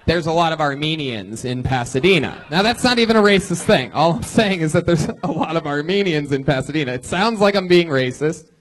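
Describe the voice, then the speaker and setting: A man's voice: a little high, animated, brisk, hardly any pauses. A man hosting a live comedy podcast on a club stage, rambling through self-aware jokes while interviewing a comic. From Ohio. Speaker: host.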